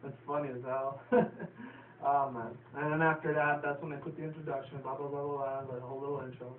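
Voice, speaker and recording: A man's voice: mid-range voice, little pitch movement, fairly quick. Chatty, profane man on a tinny, echoey mic. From New York City. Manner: profane, filler-heavy, chatty. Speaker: show reviewer. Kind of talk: casual rambling recap. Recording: tinny, roomy, distant, faint hiss.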